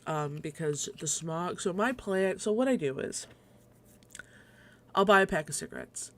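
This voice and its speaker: A woman's voice: fairly low pitch, animated, measured pace. A young adult woman hosting a casual solo livestream at home, rambling and swearing, laughing often, a little short of breath. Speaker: livestream host.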